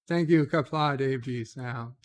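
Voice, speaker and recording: A man's voice: medium pitch, measured pace. A man hosting a casual live stream, reading viewer comments aloud and answering them offhand, with frequent "uh" hesitations. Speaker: livestream host reading viewer chat. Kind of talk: casual late-night live stream chat.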